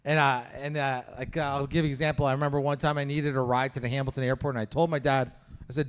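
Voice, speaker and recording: A man's voice: medium pitch, flat delivery, quick pace, smooth. A man from Canada doing a stand-up comedy set, telling a story with lots of swearing and acting out the voices. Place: comedy show venue with live audience.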